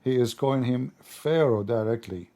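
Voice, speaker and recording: Mellow-voiced man hosting a call. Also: medium pitch, normal speed. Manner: explanatory, with frequent "uh" fillers. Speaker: host. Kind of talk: apologetics call-in discussion.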